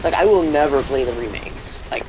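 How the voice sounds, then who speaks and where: A man's voice: on the high side, animated, moderate pace, noisy background. A man giving let's play commentary, ranting and rambling with lots of fillers, restarts and swearing. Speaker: gaming channel host.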